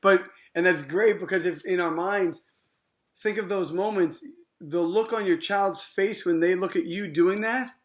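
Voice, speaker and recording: A man's voice: high-pitched, unhurried. A man hosting an interview, chatting casually and often agreeing with short acknowledgements. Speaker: interview host.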